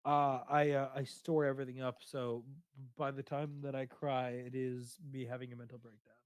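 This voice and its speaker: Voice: mid-range voice, little pitch movement, normal speed, no room sound. A person chatting on a livestream, hesitant with many "um"s, giving earnest advice. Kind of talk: casual chat on a livestream.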